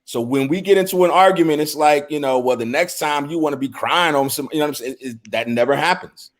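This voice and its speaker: A man's voice: a little high, quick pace. Earnest middle-aged man, heartfelt. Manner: earnest, heartfelt, with frequent repeated starts. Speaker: podcast co-host. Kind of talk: casual discussion.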